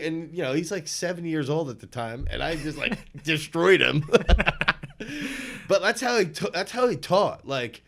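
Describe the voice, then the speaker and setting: Male throws coach, casual interview, animated anecdotal delivery. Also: a little high, moderate pace, vocal fry. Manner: animated, chuckling anecdotes, many restarts.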